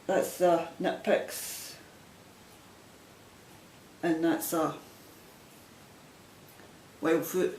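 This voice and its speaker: Scottish woman, casual crafting chat, self-deprecating, meandering, echoey room, faint rumble. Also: level tone, very slow, pauses often, a little mellow. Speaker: crafting video podcaster. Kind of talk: casual show-and-tell chat. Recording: roomy echo, faint rumble.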